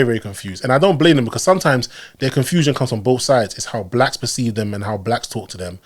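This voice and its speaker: A man in his late thirties from Ghana, hosting a casual podcast chat, animated and calling his guest "bro" in nearly every line. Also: medium pitch, breathy edge. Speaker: podcast host.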